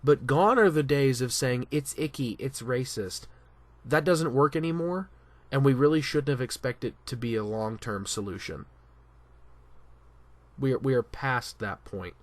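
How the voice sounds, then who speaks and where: A man's voice: mid-range voice, normal speed, no room sound. Emphatic man with a dry, close sound. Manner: animated, emphatic, trailing off and restarting. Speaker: commentary vlogger. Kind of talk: casual opinion commentary.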